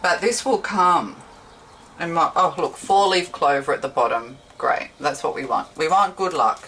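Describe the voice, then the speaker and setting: Woman, low voice, chatty tarot reader, rambling, slightly distant mic, faint hiss. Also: normal speed, fairly bright tone. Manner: rambling, chatty, self-correcting. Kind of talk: casual tarot reading.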